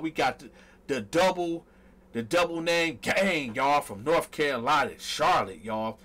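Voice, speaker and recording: A man's voice: medium pitch, a bit bright. A man hosting a live stream, talking loosely and chatting with viewers while he stumbles over their names. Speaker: livestream host. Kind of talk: casual live-stream roll call.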